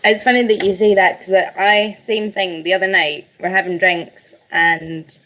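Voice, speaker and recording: A woman's voice: fairly low pitch, steady tone, unhurried, fairly bright tone, low-quality recording. A Scottish woman on a podcast as a guest, speaking in an easygoing conversational way. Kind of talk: casual podcast chat.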